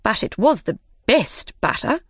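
A grumpy, stubborn male hare from a storybook who speaks bluntly and insists on his point, as a woman reading aloud puts him on. His lines come slow and a bit louder than the narration. The recording is dry and close. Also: fairly high pitch, big pitch swings, breathy edge, dry recording, pitched above the performer's own voice, exaggerated voice.

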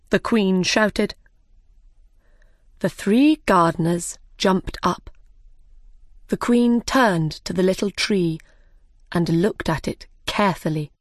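A woman's voice: fairly low pitch, a little slow, dry recording, studio quality. A woman reading a simplified storybook aloud as narrator.

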